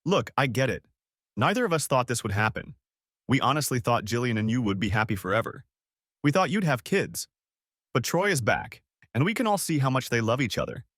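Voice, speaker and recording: A man's voice: medium pitch, sing-song, fairly quick, a bit bright, no echo, clean studio sound. A man voicing a conciliatory male friend who talks in a mild, soothing, reasoning way. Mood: placating.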